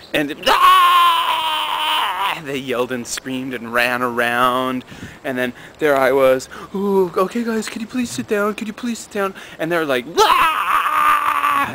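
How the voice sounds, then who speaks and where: A young man in a vlog telling a personal story in a casual, animated way, acting out the dialogue. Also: noisy background. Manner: animated, acts out dialogue with raised pitch.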